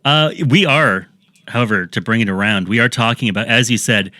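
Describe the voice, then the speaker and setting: A man's voice: mid-range voice, animated, brisk, pushed and bright, no echo. A man hosting a podcast in casual chat, teasing his guest with dry, wry remarks. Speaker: podcast host.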